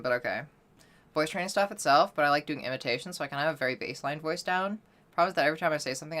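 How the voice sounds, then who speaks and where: A woman's voice: very deep voice, fairly bright tone. A woman streamer chatting loosely during a voice-training session, swearing casually and apologizing for being out of practice. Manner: self-deprecating, apologetic about being out of practice.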